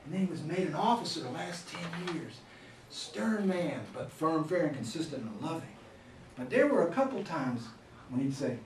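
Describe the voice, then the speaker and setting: A man in his fifties gives a lively classroom management workshop, his voice a little high and lively as he acts out scolding teachers and students. He is recorded from a distance in a roomy, echoing space, with faint noise underneath. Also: moderate pace. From Florida, USA. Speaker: teacher trainer. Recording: echoey room, distant mic, faint noise.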